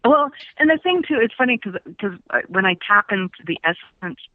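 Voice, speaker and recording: A woman's voice: mid-range voice, very animated, a little fast, no room sound. A woman psychic speaking on a call-in radio show, emphatic and repetitive, often laughing. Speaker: psychic guest. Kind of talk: phone-in psychic reading. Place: phone call into radio studio. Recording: tinny phone line.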